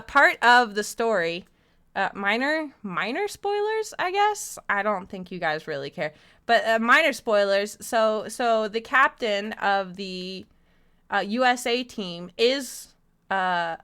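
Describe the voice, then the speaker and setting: A woman's voice: mid-range voice, bright, forceful tone, smooth. A woman live streamer chatting casually and loosely with her viewers, swearing freely. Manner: loose, profane, talks straight to chat.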